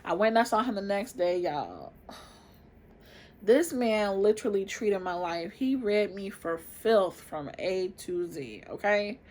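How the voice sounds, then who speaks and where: A woman in her twenties telling a personal story to camera in a chatty, expressive way, often calling out to viewers. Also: medium pitch, a little slow. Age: 20s. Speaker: vlogger.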